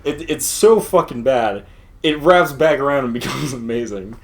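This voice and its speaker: Brief: young guy, casual gaming banter, giggly and meandering, mid-pitched voice. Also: moderate pace, vocal fry. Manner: rambling, laughs often, swears casually. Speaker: let's play co-host.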